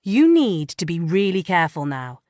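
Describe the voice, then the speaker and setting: A woman's voice: lowish voice, very animated, normal speed, darkish tone, dry recording, clean studio sound. A woman reading a blunt, bossy female friend. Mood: scolding. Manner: blunt, lecturing.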